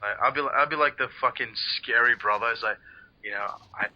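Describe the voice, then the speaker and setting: A man's voice: medium pitch, fairly quick, highs cut off, faint music behind. Crude joking man with Russian accent. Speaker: let's play co-host. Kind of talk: casual gaming chat.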